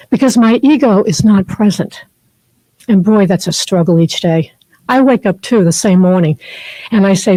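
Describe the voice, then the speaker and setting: A woman's voice: mid-range voice, normal speed, warm tone, no echo, poor audio. A woman in her fifties, a therapist and spiritual teacher, speaking as a guest in a chapel and telling personal stories in a heartfelt, rambling way full of fillers. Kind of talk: personal spiritual talk to a group.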